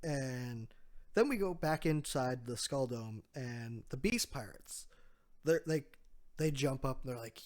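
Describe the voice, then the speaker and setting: A man co-hosting a podcast, recapping a comic chapter in a chatty, casual way with quick laughs. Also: medium pitch, a little mellow. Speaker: podcast co-host.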